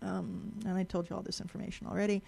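A woman speaks to a live audience in a lecture room, chatty and explanatory. Her mid-pitched voice has a gravelly edge, and she often restarts and repeats words as she goes. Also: level tone, fast talker, dark tone. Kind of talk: live presentation talk.

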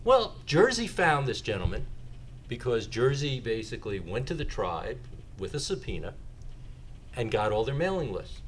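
Animated, joking male lecturer. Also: medium pitch, normal speed, a little hiss or hum. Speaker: lecturer on sales tax. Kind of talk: lecture with audience questions.

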